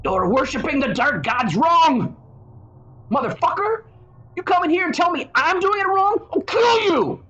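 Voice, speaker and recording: A man's voice: extremely high pitch, lively intonation, a little slow, pushed and bright, muffled recording, pitched above the performer's own voice, heavily acted. A man voicing a ranting male online troll who screams threats. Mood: enraged.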